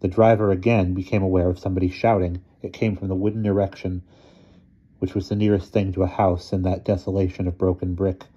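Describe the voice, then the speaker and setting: A deep-voiced man reads a short story aloud, steady and measured. His tone is dark and husky, and the recording sounds dull and lo-fi. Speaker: narrator. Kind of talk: audiobook reading of a short story.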